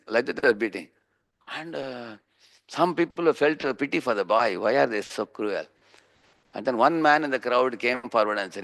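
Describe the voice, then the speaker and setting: Gravelly Indian man preaching a sermon. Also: mid-range voice, normal speed, fairly bright tone. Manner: storytelling, often checks in with a questioning "huh?"; acts out the voices of people in his stories. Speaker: preacher giving a scripture class. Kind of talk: sermon with everyday stories.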